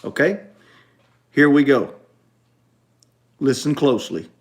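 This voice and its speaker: A man's voice: medium pitch, animated, slow pace. A man hosting a casual livestream show from home, repeating himself and speaking straight to his viewers. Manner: repetitive, emphatic, talks straight to viewers. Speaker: show host.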